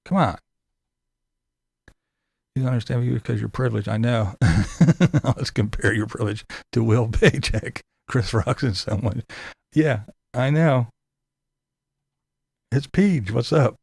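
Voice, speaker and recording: A man with a gravelly, creaky voice, recorded dry and close. He hosts a loose commentary show, incredulous and profane, and laughs between his remarks. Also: mid-range voice, unhurried, long pauses, dry recording. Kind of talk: casual commentary to a live chat.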